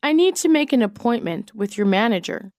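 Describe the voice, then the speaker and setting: A woman's voice: fairly high pitch, big pitch swings, a little mellow, no echo. Woman reading phrases in a dry room. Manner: measured, evenly paced, clearly enunciated. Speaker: English phrase reader. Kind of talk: slow read-aloud example sentences.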